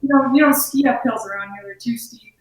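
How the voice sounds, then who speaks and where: A woman from Colorado chats in an easy, rambling way, sprinkled with fillers. Her voice sits a little high. She sounds distant from the mic, in a boomy, echoing room. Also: brisk. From Colorado, United States. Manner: relaxed, chatty, with many fillers. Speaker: guest, former biathlete and shop owner. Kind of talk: casual interview talk. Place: inside her outdoor gear shop. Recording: echoey room, voice far from the mic.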